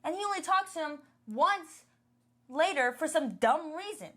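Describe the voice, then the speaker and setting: Woman podcast co-host, bright-ish register, rambling fan chat full of "like" and laughs. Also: high-pitched, lively intonation, moderate pace. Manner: chatty, many fillers and laughs. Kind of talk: casual chat reviewing a show.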